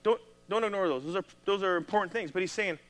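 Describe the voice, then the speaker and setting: A man with a Midwestern American accent, a pastor preaching a sermon in a conversational, animated way. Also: sits high, fast.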